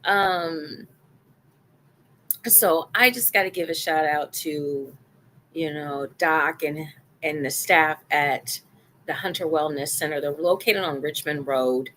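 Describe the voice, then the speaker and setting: A woman's voice: deep voice, slow, a bit bright, a little hiss or hum. A middle-aged woman hosting a live-stream talk show, chatting casually and repeating phrases for emphasis.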